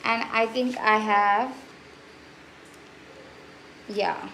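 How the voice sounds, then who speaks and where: Chatty spiritual vlog host, a woman with a high bright voice, effusive, echoey room. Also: fairly even intonation, extremely slow, slight background noise. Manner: chatty and effusive, many fillers and restarts. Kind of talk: casual spiritual vlog talk.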